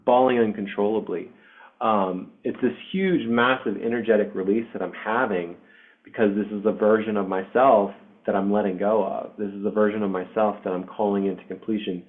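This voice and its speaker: A man's voice: lowish voice, steady tone, a little fast. A man in his forties telling a personal story in a casual, heartfelt way, with lots of fillers, as host of a spiritual group call. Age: 40s. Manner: informal and heartfelt, says "dude", many fillers. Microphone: video call. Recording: tinny video-call audio.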